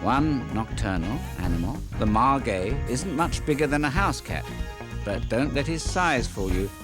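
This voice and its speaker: A man's voice: mid-range voice, expressive, a little slow. A man narrating a nature documentary for kids in a playful, jokey scripted style with wisecracking asides. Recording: background music with crickets.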